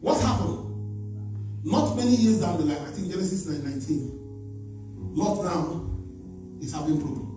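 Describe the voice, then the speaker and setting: A man's voice: fairly high pitch, animated, moderate pace, long pauses. A man preaching as a bishop, delivering a fervent sermon and leading his congregation in prayer, at times praying in tongues. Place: church sanctuary. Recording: echoey church hall, mic far off, music.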